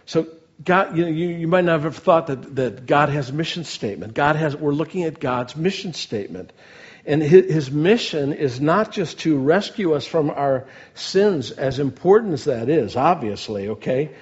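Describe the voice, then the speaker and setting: A man's voice: a little high, lively intonation, normal speed. Earnest man preaching, lo-fi sound. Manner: earnest, asks the audience questions, builds emphasis on key words. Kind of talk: sermon.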